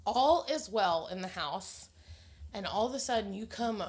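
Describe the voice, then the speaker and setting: In an animated, unhurried voice of medium pitch, a mother in her thirties tells stories during a casual podcast chat she co-hosts. She's giggly and blunt, laughing often and swearing freely.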